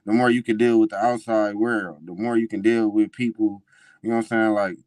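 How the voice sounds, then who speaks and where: A man hosting a casual interview, relaxed and rambling, with frequent affirmations. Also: fairly low pitch, brisk, dry recording. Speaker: podcast host.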